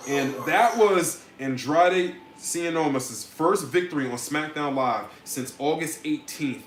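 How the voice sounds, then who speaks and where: A man's voice: medium pitch, roomy sound, slight background noise. A man hosting a casual podcast chat, rambling and sarcastic, with frequent restarts. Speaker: podcast host.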